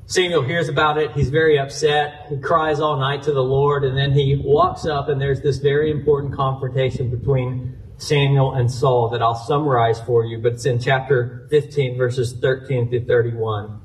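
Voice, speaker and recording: A man's voice: mid-range voice, little pitch movement, moderate pace, recorded from a distance, slight background noise, low-quality recording. A man preaching a sermon, retelling a scripture story earnestly and citing chapter and verse as he goes. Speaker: pastor.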